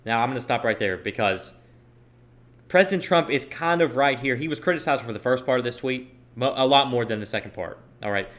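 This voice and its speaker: A man's voice: medium pitch, animated, brisk, fairly bright tone. Emphatic man hosting a solo podcast. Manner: emphatic, repeats points for stress. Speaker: podcast host. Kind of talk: opinionated solo podcast commentary.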